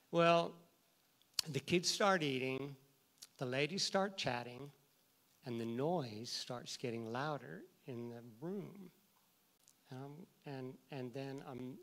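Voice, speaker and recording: A man, a teacher, telling a story in a talk, lively and acting out the people in it. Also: mid-range voice. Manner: animated, acts out every voice in his story. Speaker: teacher and guest speaker.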